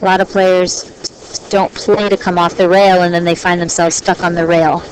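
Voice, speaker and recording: A woman's voice: on the low side, level tone, moderate pace. A woman giving chatty, lighthearted play-by-play commentary on a pool match, with plenty of ums. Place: pool hall. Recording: noisy live-stream audio.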